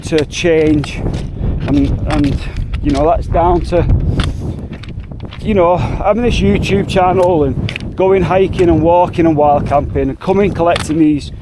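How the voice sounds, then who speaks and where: A man's voice: fairly high pitch, a little slow, noisy background. A man, talking reflectively and from the heart while walking in the mountains. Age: 40s. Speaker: hiking vlogger. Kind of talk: emotional hiking vlog. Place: outdoors in mountains by a lake.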